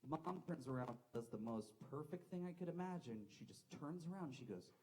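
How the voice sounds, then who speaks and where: A man's voice: on the high side, lively intonation, fairly quick, a little mellow, slight background noise, poor audio. Rambling, swearing stand-up comic man. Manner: rambling, self-deprecating, swears a lot. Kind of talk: live stand-up set. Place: comedy club stage.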